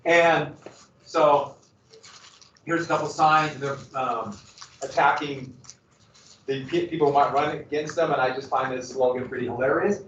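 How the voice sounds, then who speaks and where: A male history teacher lectures his class in a relaxed, conversational way, tossing in asides and questions to the students. His voice sits a bit on the high side. He was recorded from across a roomy, echoing classroom, and the sound is dull. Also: normal speed, pauses often, recorded from a distance, a little hiss or hum.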